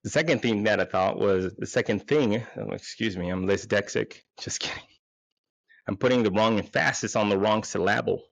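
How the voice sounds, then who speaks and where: A gravelly, rather low-voiced man in his forties rambles through a crude, self-mocking comedy monologue as host. His voice is close and dry, with a dull, lo-fi edge to the sound. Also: moderate pace, no echo. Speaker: podcast host.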